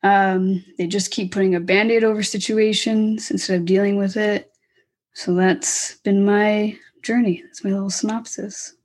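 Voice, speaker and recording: A woman in her twenties, a guest in an interview, telling a personal story candidly with halting restarts and fillers. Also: medium pitch, little pitch movement, darkish tone. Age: 20s.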